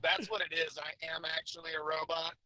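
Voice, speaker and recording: A man's voice: fairly high pitch, level tone, fairly quick, sharp tone, dry recording, rough recording. A man, a guest on a talk stream, chatting casually and joking while calling in from a car over a glitchy connection that makes him sound robotic. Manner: laid-back, joking, repeats words at starts. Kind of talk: casual chat. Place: in a vehicle on a weak connection.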